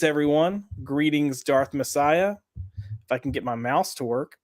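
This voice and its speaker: A man's voice: a little high, normal speed, fairly bright tone, no echo, clean studio sound. A man hosting a casual podcast, joking around and greeting chat viewers by name. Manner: joking, reads chat names aloud. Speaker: podcast host.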